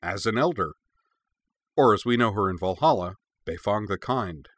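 Casting: man voicing a cheerful joker cutting in, a touch louder and higher. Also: animated, moderate pace, no room sound, clean studio sound. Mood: playful. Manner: grinning, playful.

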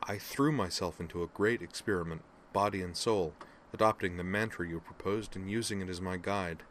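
A man voicing a female Vulcan officer in an audiobook reading, her voice low, monotone and almost mechanical, measured and controlled. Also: slight background noise. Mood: quiet. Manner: measured, rising into savage anger.

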